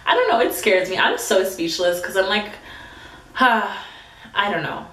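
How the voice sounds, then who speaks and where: A woman in her twenties telling a storytime vlog, chatty and full of "like", reading texts aloud in quick bursts. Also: mid-range voice, big pitch swings, fairly bright tone, reverberant. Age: 20s. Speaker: vlogger.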